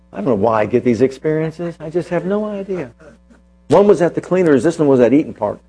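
A man preaching a sermon as pastor, telling a personal story and then slowing down to press his points with emphasis. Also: on the high side, dark tone.

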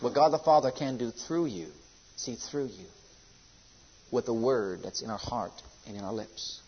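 A male pastor delivering a fervent sermon, swinging between loud exhortation and low, intense passages. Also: moderate pace, dull audio, slight background noise.

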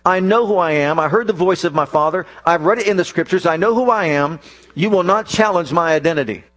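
A man's voice: high voice, fairly quick, a bit bright. A man acting out Jesus as a firm, defiant speaker while preaching. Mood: declaring. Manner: firm, declaring.

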